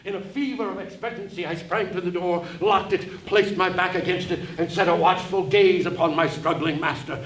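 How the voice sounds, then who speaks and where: Wry male stage storyteller, high voice. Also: fairly even intonation, a bit bright. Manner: wry, measured, dramatic. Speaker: actor narrating as the author. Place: theater stage before an audience. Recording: roomy hall, distant mic, faint hiss.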